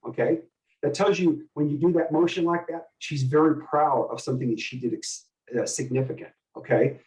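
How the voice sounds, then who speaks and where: A middle-aged man coaching a group in communication, animated and asking the group many questions. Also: on the high side, brisk, far from the mic, low-quality recording. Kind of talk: teaching a group session.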